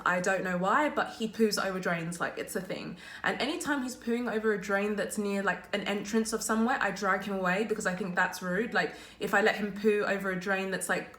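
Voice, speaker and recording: A woman's voice: medium pitch, fairly bright tone, reverberant. A woman vlogger telling an exasperated story to camera from a messy makeshift office. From abroad, living in Germany. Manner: exasperated, fast, full of "like" and "literally". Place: small makeshift office at work.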